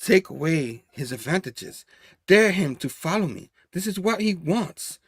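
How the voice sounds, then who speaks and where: A man voicing a grim, menacing male hunter villain in a slow, hushed dramatic reading. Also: high voice, animated, breathy edge, no echo, studio quality, exaggerated voice. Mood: brooding.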